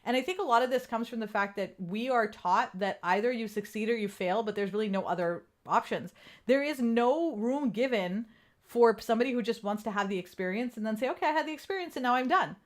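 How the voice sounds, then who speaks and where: Candid, animated woman coach talking casually. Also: on the high side, a little fast. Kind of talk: casual live-stream talk.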